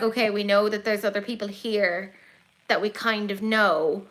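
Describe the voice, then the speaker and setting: An Irish woman hosting a casual beauty livestream, chatty and excitable, gasping and swearing as she reads comments. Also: medium pitch, moderate pace. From Ireland. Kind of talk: casual chat reading live comments.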